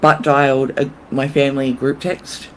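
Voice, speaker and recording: A woman co-hosting a casual chat, telling stories with animated delivery and frequent laughter. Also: extremely low pitch, normal speed, slight background noise. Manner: animated storyteller, laughs often. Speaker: co-host.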